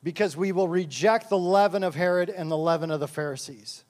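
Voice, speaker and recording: A man's voice: high-pitched, brisk, a little mellow. A male pastor preaching a sermon and reading scripture aloud, fired up and impassioned.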